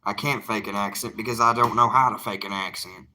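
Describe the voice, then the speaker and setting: A man's voice: on the low side, fairly even intonation, a little fast, bright, forceful tone, a little hiss or hum. A young man, an evangelist talking casually to his livestream viewers in an earnest, plainspoken, defiant way.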